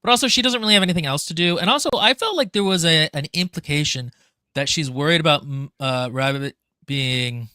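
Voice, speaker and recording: Man, podcast co-host, casual book talk, rather high pitch, chatty with fillers. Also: brisk, sharp tone, clear, resonant tone, no room sound, studio quality.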